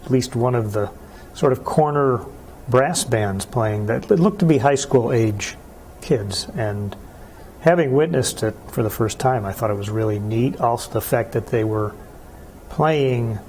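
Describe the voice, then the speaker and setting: A man interviewing a musician, asking his questions in a measured, pausing way. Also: medium pitch, a little mellow, slight background noise. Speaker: interviewer, archive host.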